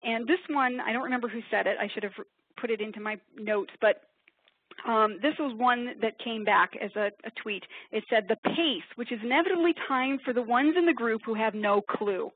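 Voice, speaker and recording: Woman, webinar presenter, fast and self-deprecating, somewhat high pitch, thin phone-line sound. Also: husky, dry recording. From upstate New York. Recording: tinny phone-like webinar audio.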